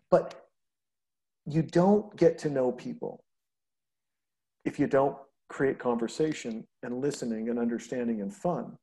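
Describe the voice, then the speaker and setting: A man talking casually on a podcast, rambling and animated as he tells stories and swears freely. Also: medium pitch, measured pace, pauses often. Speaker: podcast host. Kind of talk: casual conversation.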